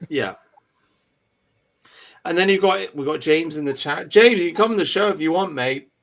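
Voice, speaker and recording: A man's voice: on the high side, moderate pace. An English man hosting a livestream chat, talking emphatically in a ranting way with frequent restarts. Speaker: livestream host. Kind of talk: casual political chat.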